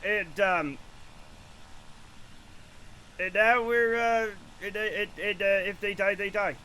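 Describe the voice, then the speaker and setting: A man's voice: high-pitched, steady tone, takes it slowly, pushed and bright, slight background noise, rough recording. A man in his late forties chatting casually on a live stream, rambling, profane and self-mocking. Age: late 40s.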